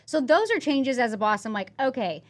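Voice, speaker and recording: A woman's voice: a little high, lively intonation, fairly quick. A woman in her thirties, a business owner, talking reflectively and casually on a podcast, with some swearing. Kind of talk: candid podcast conversation.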